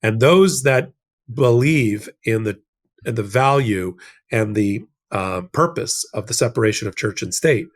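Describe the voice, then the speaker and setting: A man's voice: on the low side, animated, unhurried. An American man co-hosting a legal discussion show, explaining in a casual, emphatic way with rhetorical asides. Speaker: legal commentator, co-host.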